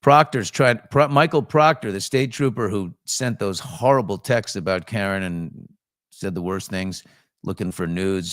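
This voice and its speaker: Male host, low voice, dry close sound, rambling casual commentary with plenty of ums. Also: moderate pace, no echo. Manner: chatty, off-the-cuff, frequent ums and restarts. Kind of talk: casual morning chat reading viewer comments.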